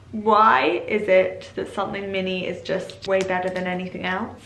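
A woman's voice: mid-range voice, moderate pace, creaky, few pauses, echoey room, noisy background. A young woman chatting casually in her bedroom as she unboxes parcels, gushing and full of exclamations. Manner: gushing, excitable, lots of exclamations. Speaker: vlogger. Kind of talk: casual vlog chat while unboxing. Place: bedroom at home.

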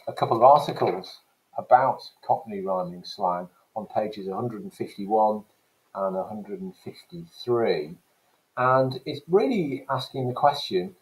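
A man with a fairly low voice teaches an English lesson to students. He reads short passages aloud and then explains them step by step. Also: darkish tone, poor audio. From England. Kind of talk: recorded lesson.

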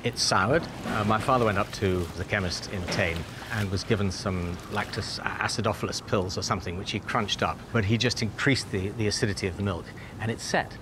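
A cheesemaker explains his work in a plain, matter-of-fact way. His voice sits on the low side. Clear background noise surrounds him at the dairy. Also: fairly quick, few pauses. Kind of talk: interview answers.

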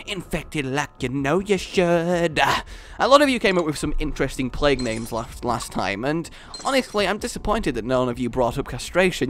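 A man giving casual, joking gameplay commentary as a channel host, with self-deprecating asides. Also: medium pitch.

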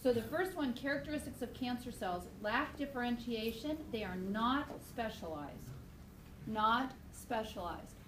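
Chatty woman biology teacher, fairly high voice. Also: normal speed, few pauses, background noise. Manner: chatty, animated storytelling, talks to students directly. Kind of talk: classroom lecture with personal stories. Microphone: iPad screencast recording.

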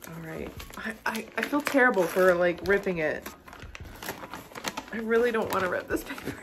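A woman's voice: medium pitch, moderate pace, noisy background. A young woman gushing and gasping as she unboxes a gift for her vlog. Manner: gushing, excitable, frequent gasps and "oh my gosh". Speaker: manga vlogger. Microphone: phone camera.

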